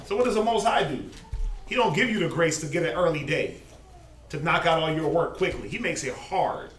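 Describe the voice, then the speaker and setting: Animated man preaching in an echoey room. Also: fairly high pitch, a little fast. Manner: animated, laughs often, slangy. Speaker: Bible study teacher. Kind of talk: informal preaching. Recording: echoey, distant, faint noise.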